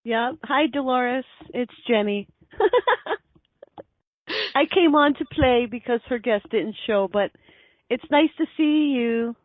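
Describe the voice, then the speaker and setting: A woman's voice: fairly high pitch, slow pace, long pauses, dry recording. A woman guest on an online radio show, chatting casually and easygoingly, laughing often. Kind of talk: casual chat. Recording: dull lo-fi online radio, dry.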